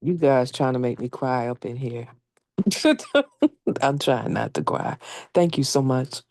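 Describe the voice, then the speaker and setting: A woman with a low voice reacts to a poem, effusive and emotional, quick to praise. The sound is close and dry, with no room echo behind her. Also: mellow. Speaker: open mic participant.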